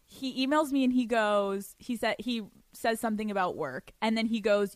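A young woman hosting a podcast, telling a story in a casual, animated way, swearing freely and laughing often. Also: fairly high pitch, normal speed, hardly any pauses, dry recording. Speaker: podcast host.

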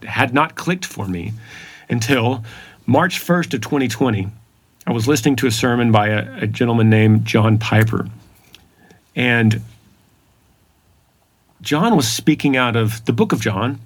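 Husky-voiced man giving earnest testimony. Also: mid-range voice, a little slow, pauses often. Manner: earnest, emphatic storytelling with repeated phrases. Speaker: podcast guest. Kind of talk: personal testimony in conversation.

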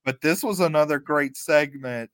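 A man co-hosting a podcast, recapping events play by play in a relaxed, chatty way and chuckling often. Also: on the high side, normal speed, no echo. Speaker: podcast co-host. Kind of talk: casual recap chat.

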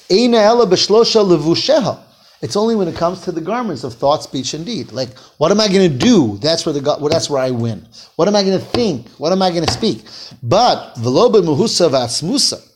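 A man leading a text-study class, reading Hebrew phrases aloud, translating them and asking his students questions. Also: high-pitched. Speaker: Torah teacher.

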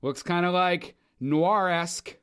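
A man co-hosting a casual podcast chat, animated and excitable, swearing freely as he talks. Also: high voice, slow, clear, resonant tone. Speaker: podcast co-host.

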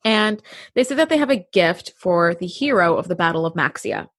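A woman's voice: lowish voice, lively intonation, moderate pace, fairly bright tone. A woman co-hosting a casual podcast chat, telling stories expressively and acting out quotes with exasperated humor. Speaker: podcast co-host.

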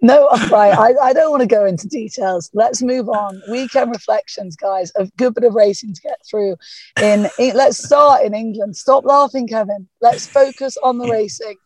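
A woman hosting a casual podcast chat, husky from a sore throat, chatty and self-mocking. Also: fairly high pitch, moderate pace, a little mellow, rough recording. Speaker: podcast host. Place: parked car.

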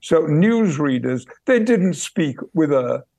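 An older man with crisp received pronunciation and a gravelly edge tells his stories slowly and thoughtfully, often pausing to find the right word. His voice sits slightly high for a man. The recording is close and dry, with no room sound. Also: animated, dark tone, no room sound. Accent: British received pronunciation. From Yorkshire, England. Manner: measured, thoughtful, pausing to search for words. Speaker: guest, actor and memoir author. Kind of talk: reflective interview storytelling.

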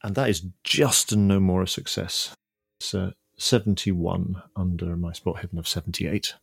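A man playing a tabletop role-playing game, hesitant and full of ums as he explains his moves. His voice is very deep with a gravelly fry, heard dry and close. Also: steady tone, normal speed, no echo. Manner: hesitant, many fillers. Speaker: player.

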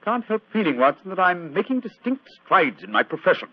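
A sharp, cool-headed detective in a 1940s radio play. He talks fast and crisply, his pitch moving a great deal with dry amusement. The sound is thin and tinny, like an old radio broadcast. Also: sing-song, very noisy. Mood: measured. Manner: crisp, precise and dryly amused.

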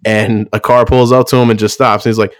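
A man's voice: on the low side, level tone, brisk, no room sound, clean studio sound. A man on a podcast telling stories in casual chat, swearing and laughing often. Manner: loose, profane, laughs often, acts out quotes.

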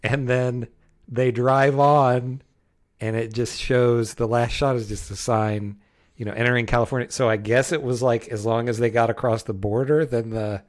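A man's voice: medium pitch, steady tone, moderate pace. A man co-hosting a casual film review podcast, talking loosely with frequent restarts and hedges. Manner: rambling, many restarts and hedges. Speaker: podcast co-host.

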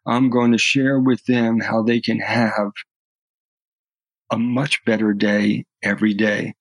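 A man's voice: lowish voice, little pitch movement, slow pace, no room sound, low-quality recording. A middle-aged man, a podcast guest, telling personal stories earnestly and often restarting his words. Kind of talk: earnest storytelling in conversation.

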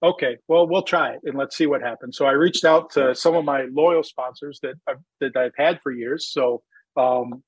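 A man's voice: mid-range voice, moderate pace, slightly rough, no room sound, low-quality recording. A man, a drag racer who started a magazine, telling his story in a rambling, casual interview chat full of fillers. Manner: rambling, filler-heavy, animated when quoting himself.

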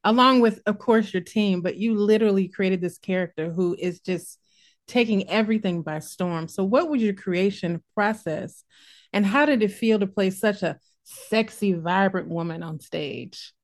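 A woman's voice: mid-range voice, moderate pace. A woman with a Midwestern accent hosting a casual interview over a video call, bubbly and laughing often. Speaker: interviewer, host.

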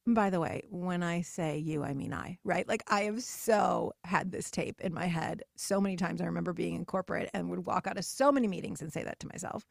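Chatty animated woman podcast host. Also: fairly low pitch, fairly quick, gravelly, hardly any pauses, no echo, clean studio sound. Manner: chatty and animated, acting out quoted voices. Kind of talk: casual solo podcast monologue.

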